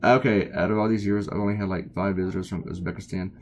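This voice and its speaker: A man's voice: deep voice, fairly even intonation, fast talker. A tired man from the United States, a cartoonist chatting casually and rambling off topic while he draws. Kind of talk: casual chat while drawing.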